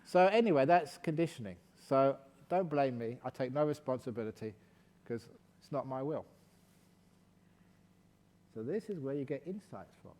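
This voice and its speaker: A man giving a calm, gentle meditation talk at a retreat, slipping in playful jokes. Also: mid-range voice, moderate pace, long pauses, big-room sound. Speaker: meditation teacher.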